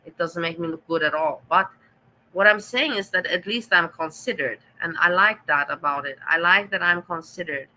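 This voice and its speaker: A woman's voice: fairly low pitch, moderate pace, pushed and bright, rough recording. A woman with a German accent hosting a casual livestream, reading the chat and answering viewers with sarcastic teasing.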